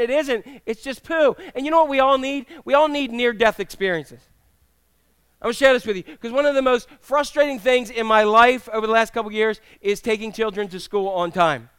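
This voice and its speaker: A middle-aged male pastor preaching a sermon in a church, telling humorous stories with animated, acted-out quotes. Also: very high-pitched, a little fast, clear, resonant tone, no echo. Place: church sanctuary with congregation.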